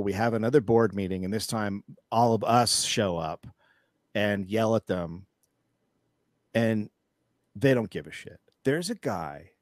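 As a guest in a casual interview, a man with a lowish voice rants angrily and with plenty of profanity, telling animated stories and frequently restarting his sentences. The recording is dry and studio-clean.

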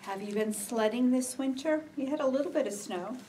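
A woman leading a children's storytime, singing a song, reading picture books aloud and teaching a finger play in a slow, gentle, sing-song way. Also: high-pitched. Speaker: children's librarian. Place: library storytime room. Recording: faint room noise, mic at a distance.

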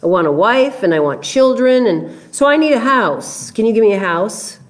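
A restless boy in a picture-book tale, asking for more in quick, demanding bursts, read aloud by a woman. His words press forward with little patience. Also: on the high side, animated, close to an everyday voice. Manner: hurried, demanding. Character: restless boy growing into a tired old man.

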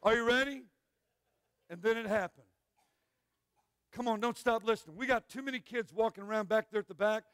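A man preaching a revival sermon as an evangelist, telling a story with animated swings from shouts to hushed asides. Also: high-pitched, fairly quick, pauses often, clean tone, no room sound, clean studio sound.

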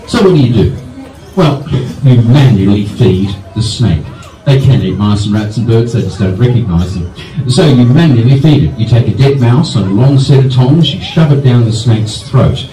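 A man's voice: medium pitch, animated, moderate pace, mellow. A man, a reptile park keeper, presenting animals live to an audience with jokey, dry humour. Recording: echoey, from far off, faint music.

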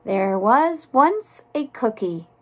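A kindly storybook mouse begins a tale for the young ones, slightly lifted in pitch. A woman reads him in a calm, unhurried storytelling voice. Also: full character voice. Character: storytelling male mouse, gentle.

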